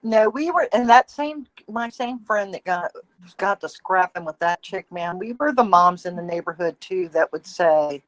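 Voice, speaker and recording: A woman's voice: fairly low pitch, animated, moderate pace, no room sound, poor audio. Dry, close-miked woman chatting. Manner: chatty storyteller, laughs often. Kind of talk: casual chat.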